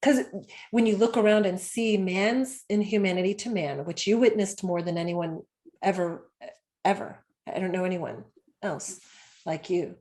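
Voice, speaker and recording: A woman hosting a podcast, reflecting aloud in a halting way and searching for words. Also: lowish voice, darkish tone. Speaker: podcast host. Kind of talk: casual interview chat.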